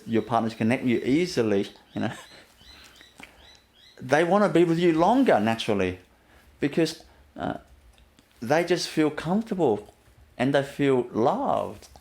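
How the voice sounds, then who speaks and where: A man giving a gentle inspirational talk as a spiritual teacher, often laughing softly and leaning on "you know" as he repeats himself. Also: mid-range voice. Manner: repetitive, fills with "you know".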